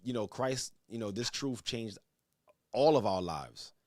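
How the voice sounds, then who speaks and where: A man's voice: lowish voice, lively intonation, measured pace, a little mellow, no room sound, studio quality. A man hosting a church call-in show, stammering and repeating words as he preaches to a caller. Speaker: church elder host. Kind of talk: religious call-in talk.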